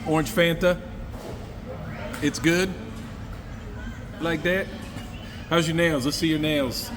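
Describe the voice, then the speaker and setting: A man's voice: fairly high pitch, steady tone, slow. A man vlogging in a casual, candid, rambling way, sometimes talking to a puppy. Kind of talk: casual vlog talk. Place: Thailand, indoors and out. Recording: noisy street ambience.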